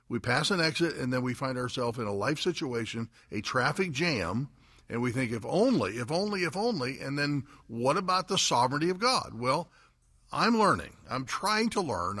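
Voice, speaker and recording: A man's voice: medium pitch, pushed and bright, no room sound, clean studio sound. A middle-aged man, a pastor, telling a personal story in a reflective panel discussion, conversational with rising emphasis.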